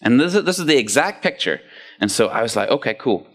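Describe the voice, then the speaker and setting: Lively, joking man. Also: medium pitch, quick pace. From Ireland. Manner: playful, jokey, lively storytelling with asides to the audience. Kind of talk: casual talk to a youth group.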